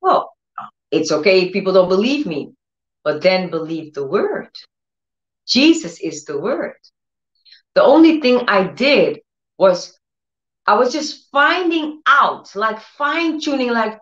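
A woman preaches on healing with animated conviction, slipping into the voices of doubting listeners. Her voice sits in a mid register, carried by a roomy echo. The sound is slightly muffled and lo-fi. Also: medium pitch, slow pace, long pauses. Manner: animated, acts out doubters' voices, repeats phrases for emphasis. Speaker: healing ministry teacher. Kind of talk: impassioned faith teaching. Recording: roomy, slightly dull audio.

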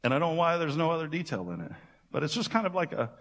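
A man pastor giving a sermon, retelling scripture as casual, animated storytelling with playful asides. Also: fairly high pitch, fast talker, long reverb tail.

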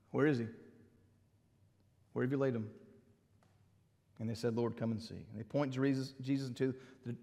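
A middle-aged man, a pastor preaching a sermon in an animated, conversational way with asides. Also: medium pitch, big-room sound.

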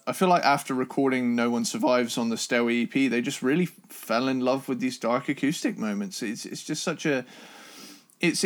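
Man co-host, easygoing album chat, excitable, loose and meandering delivery. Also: medium pitch. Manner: enthusiastic, rambling with restarts and swearing. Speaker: podcast co-host. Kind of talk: casual music review chat.

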